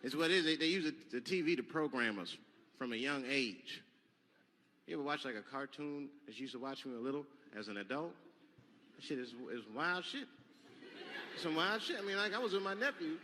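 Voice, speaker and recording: A man doing stand-up comedy, telling a story in a loose, profane, conversational way with sudden shouted bursts, on a live stage. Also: on the high side, animated, fairly quick. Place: comedy stage with audience laughing. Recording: noisy live stage recording.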